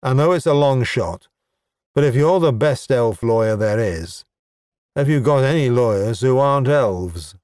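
A man's voice: mid-range voice, lively intonation, a little slow, darkish tone, no room sound, natural voice. A man voicing a sly, scheming male goblin chieftain in a dry, sardonic, exasperated manner, recorded close and dry.

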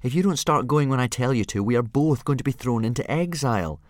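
A man's voice: medium pitch, lively intonation, fast, dry recording, voice pushed up, close to an everyday voice. Man doing a stressed-out kid dragon trainer, bouncy voice, dry close sound. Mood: reasoning. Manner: pleading, rising into frantic shouts. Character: anxious, earnest young boy dragon trainer.

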